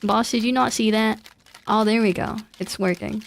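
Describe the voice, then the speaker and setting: A woman's voice: a little high, steady tone, normal speed, creaky, slight background noise. A young woman giving casual, giggly gameplay commentary with a playful, self-mocking manner. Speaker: streamer.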